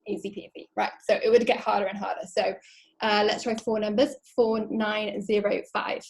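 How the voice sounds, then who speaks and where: A woman's voice: medium pitch, steady tone, creaky, rough recording. Female presenter, friendly webinar delivery, light laughter throughout. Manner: friendly, laughs often, reads digits slowly. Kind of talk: webinar talk.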